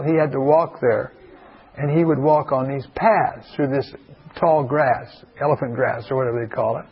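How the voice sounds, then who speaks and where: A male pastor with a gravelly, slightly husky voice, spinning a folksy story for an audience. He wanders off into asides and circles back again. The recording is dull and lo-fi. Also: medium pitch. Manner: rambling, digressive, full of asides.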